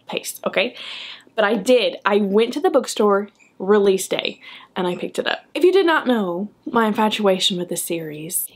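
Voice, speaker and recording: Young woman, book vlogger, casual chat, enthusiastic, chatty, mid-range voice. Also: medium pitch. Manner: chatty, enthusiastic, tags remarks with "okay?".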